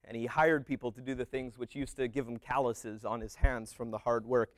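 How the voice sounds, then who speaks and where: A man retelling a parable as a story in a relaxed, rambling way, with many fillers and restarts. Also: mid-range voice, a little fast, no room sound.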